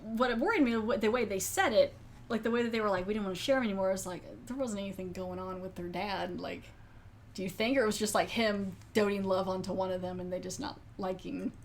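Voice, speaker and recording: A woman hosting a podcast, retelling a horror episode in an animated, chatty way. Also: medium pitch, brisk, a little hiss or hum. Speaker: podcast host. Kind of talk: casual film review chat.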